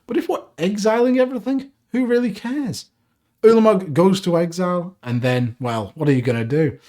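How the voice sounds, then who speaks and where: A man hosting a casual card game review, reading card text aloud and adding upbeat asides. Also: fairly high pitch. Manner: reads card text aloud, animated, self-deprecating asides. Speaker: deck review host.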